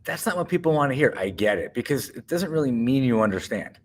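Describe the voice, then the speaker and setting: A man's voice: mid-range voice, expressive, quick pace, a little hiss or hum. A man co-hosting a casual podcast chat, thoughtful and repeating words as he forms his ideas. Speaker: co-host.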